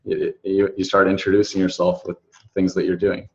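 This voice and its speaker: A man's voice: sits low, monotone, moderate pace, a little mellow. A man interviewing a guest, hesitant, with short acknowledgments and thinking aloud. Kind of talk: casual interview talk. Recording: dull lo-fi audio with faint noise.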